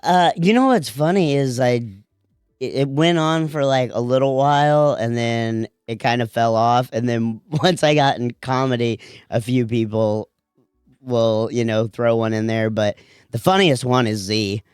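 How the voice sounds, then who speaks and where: A man's voice: medium pitch, a little slow, a little mellow, smooth, dry recording, studio quality, faint music behind. A man in his thirties, a comedian guest on a podcast, telling easygoing stories and laughing often. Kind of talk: casual comedy podcast chat.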